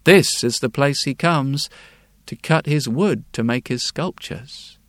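A man telling a fairy tale in a hushed, repetitive, lulling way. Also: medium pitch, slow pace, no room sound, clean studio sound. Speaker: storyteller. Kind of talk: slow fairy-tale storytelling.

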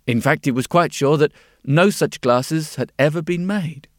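A man telling a fairy-tale-style story in a gentle, unhurried way, repeating words for effect. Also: fairly high pitch, no room sound, clean studio sound. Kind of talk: bedtime-story narration.

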